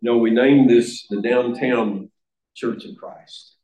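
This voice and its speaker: A man's voice: mid-range voice, steady tone, takes it slowly, dark tone. A man preaching a sermon in a church, earnest and emphatic, sometimes restarting his phrases. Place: church sanctuary. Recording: echoey church room.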